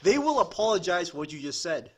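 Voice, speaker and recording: A young man with a Boston accent, co-hosting a casual podcast chat, animated and jokey. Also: sits high, heavy background noise. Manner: animated, jokey, quick to do voices. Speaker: podcast co-host.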